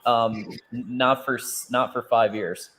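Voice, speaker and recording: Male co-host, emphatic and excitable, casual game talk. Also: medium pitch, unhurried, a little hiss or hum. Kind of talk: casual sports chat.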